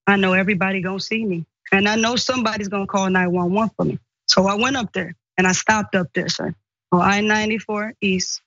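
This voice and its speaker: A woman's voice: medium pitch, fairly bright tone, dry recording, lo-fi sound. A woman urgently telling a first-person story, often repeating what others said. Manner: retells dialogue in quotes, urgent. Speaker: guest recounting an incident.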